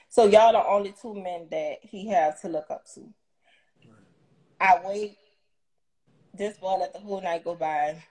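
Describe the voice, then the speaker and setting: A young adult woman, a guest in a casual interview, telling a story in an animated way and acting out the people she quotes. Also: on the low side, poor audio. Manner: animated retelling with quoted dialogue and laughs.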